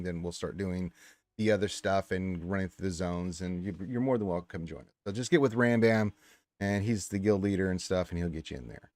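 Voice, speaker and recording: Chatty man reading a livestream chat. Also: no echo. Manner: reads chat aloud with lively swings in pitch and loudness. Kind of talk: casual chat.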